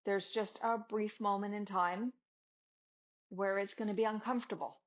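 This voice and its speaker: A woman's voice: medium pitch, steady tone, normal speed. Chatty woman giving a motivational talk. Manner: conversational, acts out dialogues with students. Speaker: yoga teacher and podcast host. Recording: slightly dull lo-fi audio.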